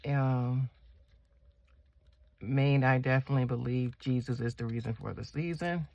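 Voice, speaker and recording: A planner vlogger with a slow, gravelly, rumbling low voice chats casually while decorating a planner. She rambles in a relaxed way and asks her viewers questions.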